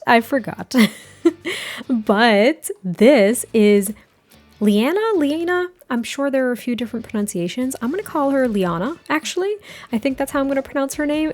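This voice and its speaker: A woman's voice: a little high, a little mellow. A woman narrating her life-sim game story in a chatty, effusive, gushing way. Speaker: gaming content creator. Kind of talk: casual gameplay narration.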